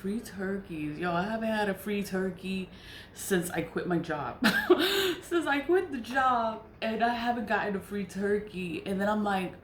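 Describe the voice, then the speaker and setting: A woman's voice: medium pitch, expressive, unhurried, a little hiss or hum. A woman telling a rambling personal story in a casual vlog, repeating herself and laughing often. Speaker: vlogger. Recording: roomy echo.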